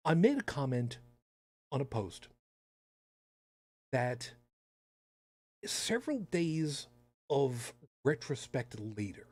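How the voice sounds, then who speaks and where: A man's voice: medium pitch, a little mellow, no room sound. A man hosting a podcast in casual chat, talking with sarcastic, rambling asides. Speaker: podcast host.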